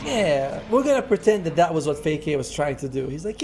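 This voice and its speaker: A male esports caster breaks down the game in analytical color commentary. His fairly high voice swings up and down a lot. Faint noise sits under the recording. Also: big pitch swings, fairly quick.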